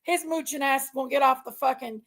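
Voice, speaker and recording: A woman ranting to her viewers in a heated, casual way. She is emotional and fired up, and keeps telling herself to calm down. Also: sits high, fast. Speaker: online commentary streamer.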